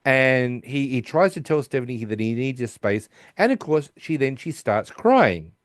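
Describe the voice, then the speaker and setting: A man's voice: big pitch swings, moderate pace, dry recording, clean studio sound. Man retelling scenes, mimicking voices. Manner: acts out quoted lines in higher voices. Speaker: podcast co-host. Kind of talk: casual chat recapping an episode.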